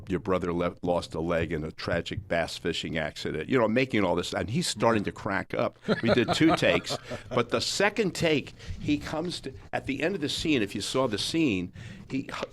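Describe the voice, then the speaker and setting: A man from Miami hosting a radio sports talk show, telling lively anecdotes and acting out voices. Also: on the low side, normal speed, slight background noise. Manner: animated, acts out quoted voices. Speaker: radio host and actor.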